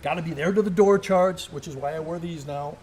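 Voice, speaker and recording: A man's voice: fairly high pitch, fairly quick, darkish tone, a little hiss or hum. A middle-aged man, a former Special Forces soldier, telling a war story in casual chat and laughing through his words. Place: gun shop.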